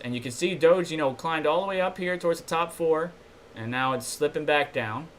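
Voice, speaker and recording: On a casual crypto news livestream, a man with a voice on the high side talks fairly quickly. He reads articles aloud, then comments, chatting loosely with viewers and tossing them asides in between.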